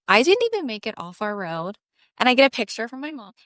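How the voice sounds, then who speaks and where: A woman co-hosting a podcast, telling a family story in an animated, casual way with lots of fillers. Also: medium pitch, fast talker, no echo, studio quality. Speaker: podcast co-host.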